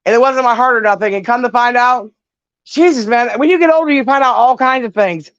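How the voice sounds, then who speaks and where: Middle-aged woman on a call, swears freely, animated storyteller, dry and dull lo-fi sound. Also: on the high side, brisk, no echo. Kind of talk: casual chat.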